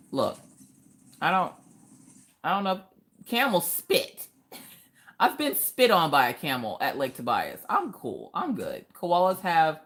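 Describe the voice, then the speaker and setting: A woman hosts a relaxed craft livestream, chatting with her viewers. Her voice sits a little low but leaps up and down with big, animated reactions. She jokes and laughs easily as she reads their comments aloud. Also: husky. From Pennsylvania. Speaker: livestream host. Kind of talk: casual livestream chat reading comments.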